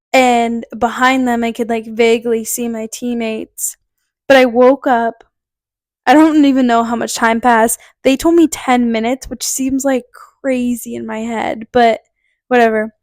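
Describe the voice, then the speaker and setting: A young woman from Connecticut, USA, hosts a podcast in a fairly high, darkish voice, recorded dry at studio quality. She chattily tells a personal story, laughing often and filling her speech with "like."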